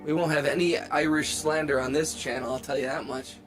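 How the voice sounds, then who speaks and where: A man's voice: fairly high pitch, fairly even intonation, brisk, fairly bright tone. A man hosting a casual late-night music livestream, rambling and joking as he reads the chat aloud, with music playing behind him. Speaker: livestream host and music producer. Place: home studio. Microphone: studio microphone.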